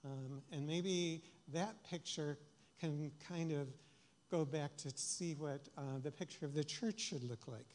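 A man's voice: fairly high pitch, a little mellow. Man preaching in an echoing hall. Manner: reflective, halting, many fillers. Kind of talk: sermon. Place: church sanctuary. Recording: long reverb of a church hall.

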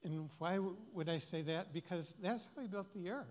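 A man with a fairly high voice gives a reflective sermon in a church. He speaks haltingly, with many pauses and fillers. His words ring out with a long hall reverb. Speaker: preacher. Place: church sanctuary.

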